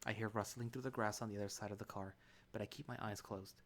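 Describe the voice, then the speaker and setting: Low-voiced man reading a story. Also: fast talker, a little hiss or hum. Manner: calm, relaxed reading with small restarts. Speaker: reader narrating a visual novel. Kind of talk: first-person story narration.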